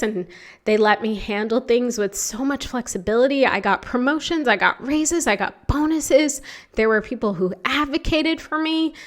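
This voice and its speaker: A woman's voice: on the high side, a bit bright. A young adult woman hosting her own podcast, telling a personal story in a candid, emotional way with many fillers. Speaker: podcast host. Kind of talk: reflective solo podcast monologue.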